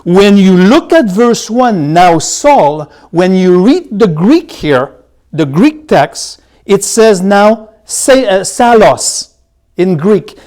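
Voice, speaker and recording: Man teaching scripture, loud then hushed. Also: high-pitched, very animated. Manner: slows down to spell out and repeat key words; swings between loud emphasis and soft asides. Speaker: Bible teacher. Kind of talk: Bible study teaching.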